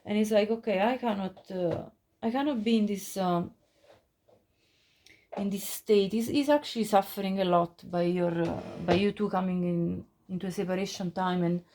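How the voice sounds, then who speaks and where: A woman's voice: mid-range voice, moderate pace, dark tone, a little hiss or hum. A woman giving a casual pick-a-card tarot reading, chatty, with frequent laughs and many fillers and restarts. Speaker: tarot reader.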